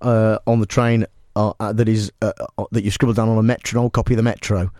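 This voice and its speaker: A man hosting a comic talk radio show in a deadpan, mock-serious way. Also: on the low side, fast, no room sound, studio quality. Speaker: radio host.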